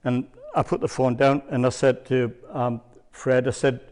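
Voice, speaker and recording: Brief: older male church speaker, mid pitch, meandering anecdotal sermon. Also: little pitch movement, normal speed, a little mellow. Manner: rambling, hesitant storyteller with many ums. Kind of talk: sermon testimony.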